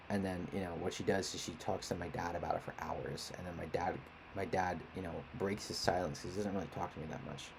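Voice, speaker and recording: A young independent musician and artist vents in a frustrated, rambling monologue, swearing often. His voice is low and creaky, with background noise behind it.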